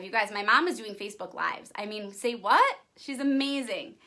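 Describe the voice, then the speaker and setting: Gushing young woman, bright tense voice. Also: fairly high pitch, normal speed, few pauses. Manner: gushing, excitable, says "you guys" and "like" a lot. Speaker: direct sales promoter. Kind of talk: upbeat direct-to-camera vlog pitch.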